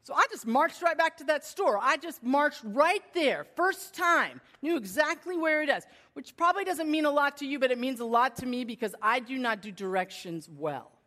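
A woman in her forties telling a self-deprecating personal story to an audience, shifting between lively and hushed. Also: sits high, normal speed, few pauses. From United States. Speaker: speaker addressing an audience.

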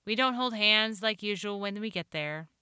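A woman author reading her own personal story aloud, earnest and expressive. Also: medium pitch, moderate pace, clear, resonant tone, no echo, studio quality. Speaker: author and show host.

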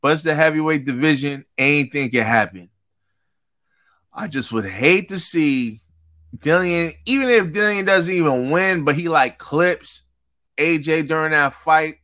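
A man's voice: a little high, unhurried, sharp tone. A man co-hosting a live sports talk show, laying out his honest, laid-back take. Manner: candid, laid-back, reasoning. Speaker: co-host. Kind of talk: casual live-show chat.

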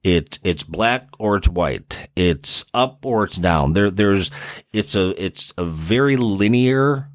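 A man with a Midwestern American accent talks through therapy concepts in a relaxed, conversational podcast monologue. His voice sits low, and the recording is dry and close, with no room sound. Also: slow pace, no echo. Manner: conversational, explains with everyday examples. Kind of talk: casual explanatory monologue.

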